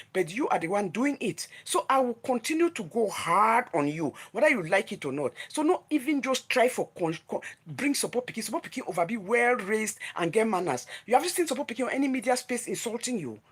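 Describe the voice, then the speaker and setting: A woman's voice: fairly high pitch, very animated, fairly quick, few pauses, breathy edge. A woman with a Nigerian accent, a vlogger running her own gossip news channel, delivers a heated, confrontational rant that scolds her target with emphatic repetition.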